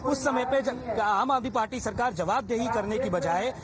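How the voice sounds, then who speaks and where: A man with an Indian English accent reporting live from an outdoor protest site, rushing along with many fillers. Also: extremely high pitch. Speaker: field reporter. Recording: live outdoor broadcast with crowd noise. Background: crowd.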